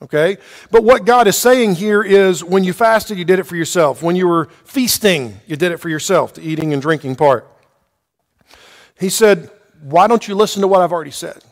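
A man's voice: high voice, moderate pace. Man teaching scripture in a reverberant hall. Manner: asks the listeners questions, says okay often. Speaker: Bible teacher. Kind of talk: verse-by-verse Bible teaching.

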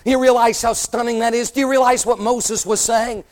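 A man preaching a Baptist sermon, swinging between ringing, loud declarations and hushed, almost whispered lines, and reciting scripture in a cadenced preaching tone. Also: very high-pitched, steady tone, moderate pace, low-quality recording. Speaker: Baptist pastor.

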